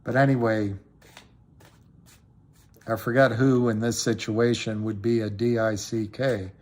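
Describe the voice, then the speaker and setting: A man's voice: on the low side, flat delivery, unhurried, darkish tone. A middle-aged man hosting a live stream, rambling through stories and answers to callers with many restarts. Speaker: livestream host answering callers.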